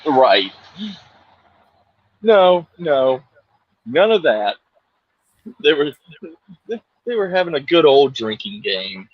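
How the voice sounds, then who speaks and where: Slow, husky man chatting and laughing. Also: mid-range voice, very animated, no room sound, dull audio. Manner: laughs often, drawn-out rambling talk. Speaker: co-host of a live survival chat show. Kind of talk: casual live-stream chat.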